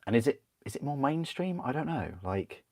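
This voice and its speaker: A man's voice: mid-range voice, big pitch swings, normal speed, darkish tone. A man chatting casually on a livestream while building a model kit, rambling, answering chat and laughing often.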